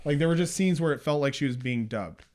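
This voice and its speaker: A man co-hosting a film review podcast in casual chat, animated and acting out movie lines in mock voices. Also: on the high side, fast.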